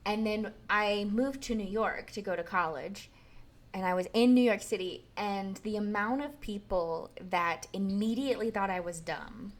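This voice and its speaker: Animated storytelling woman, neutral American. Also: mid-range voice. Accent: mostly neutral American, trained out of Southern. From American South. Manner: animated storyteller, tangents, acts out quotes. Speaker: podcast co-host. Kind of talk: casual chat.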